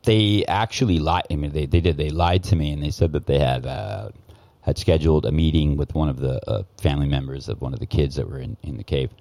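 Guest: very low male voice, dry close sound, swears a lot and stops and restarts as he tells a story. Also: gravelly, dark tone, dry recording. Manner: profane, heated, halting with many restarts. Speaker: guest, former news cameraman. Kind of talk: casual podcast storytelling.

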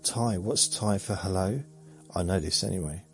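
A man, rambling slowly through a meandering bedtime monologue with muttered asides that trail off. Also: low-pitched, vocal fry, soft background music. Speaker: sleep podcast host.

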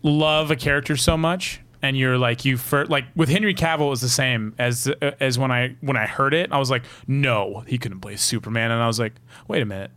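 A man's voice: medium pitch, a little fast, few pauses, bright, forceful tone, clean tone, no echo. A man co-hosting a casual chat show, laid-back and rambling as he tells a story. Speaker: podcast co-host.

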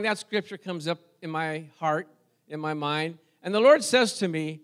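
A man preaching a sermon, telling a personal story to his congregation in an animated way and talking directly to them. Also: high-pitched, normal speed, smooth.

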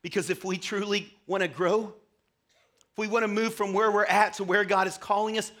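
A man's voice: high-pitched, steady tone, moderate pace, a bit bright. A man preaching a passionate sermon to a church congregation. He often rises into fervent, pleading prayer. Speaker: pastor. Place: church service before a congregation.

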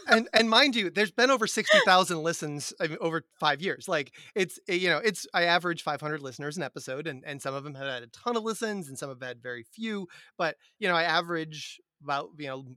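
A man's voice: on the high side, lively intonation, fast, few pauses, bright, forceful tone, dry recording, studio quality. A man hosting a teachers' podcast, chatting casually, joking at his own expense and laughing often. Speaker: podcast host.

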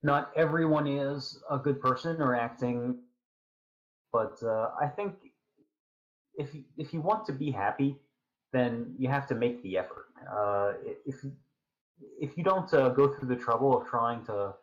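A man as a podcast guest, talking casually in a halting, thoughtful way with many fillers. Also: medium pitch. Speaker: podcast guest, fan fiction writer. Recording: dull lo-fi call audio.

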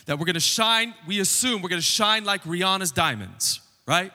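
A man's voice: high-pitched, expressive, normal speed, bright, forceful tone, long reverb tail. A man preaching a sermon as pastor, conversational and joking with the congregation. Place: church sanctuary.

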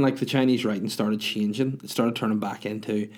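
A man's voice: lowish voice, steady tone, fairly quick, a little mellow. A man in his thirties, a podcast host, telling a rambling, crude, self-mocking story in casual monologue.

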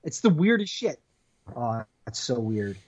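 A man co-hosting a podcast in casual chat, excitable, laughing a lot and swearing freely. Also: mid-range voice, unhurried, dry recording, muffled recording. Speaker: podcast co-host.

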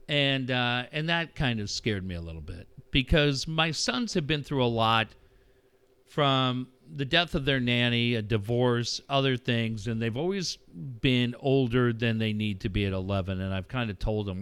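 A man's voice: mid-range voice, normal speed, fairly bright tone, clean tone, dry recording. A middle-aged man hosting a podcast, telling personal stories in a candid, reflective way and swearing freely. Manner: candid, profane, reflective storytelling. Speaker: podcast host. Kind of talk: casual conversation.

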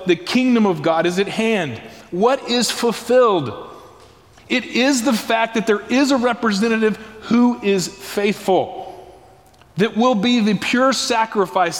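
A man preaching a sermon as pastor, emphatic and questioning his listeners. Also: high-pitched. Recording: reverberant hall.

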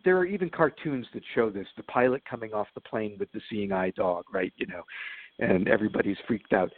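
A man telling stories as a guest in an interview, chatty and laughing at his own stories, with lots of fillers. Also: mid-range voice. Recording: phone line.

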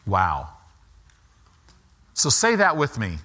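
A man's voice: a little high, sing-song, moderate pace, bright, forceful tone. A middle-aged man preaching a sermon, emphatic and repetitive, leading the congregation in call-and-response. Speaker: pastor.

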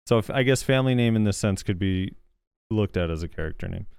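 A man's voice: lowish voice, animated, fast, gravelly, darkish tone, smooth, dry recording. A man co-hosting a gaming podcast, reading out viewer comments and reacting in a loose, hesitant way with lots of fillers. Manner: casual, hesitant, many fillers. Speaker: podcast co-host.

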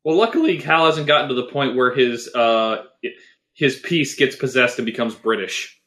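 Bright-voiced joking man. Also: medium pitch. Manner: jokey, quick with references, laughs often. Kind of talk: casual riffing commentary over a film.

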